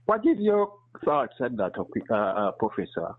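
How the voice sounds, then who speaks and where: A man's voice: medium pitch, wildly swooping pitch, measured pace. A man calling in to a radio talk show, speaking earnestly and persuasively with a noticeable accent and rhetorical questions. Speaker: caller. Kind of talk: call-in radio comment. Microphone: phone. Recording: tinny phone line.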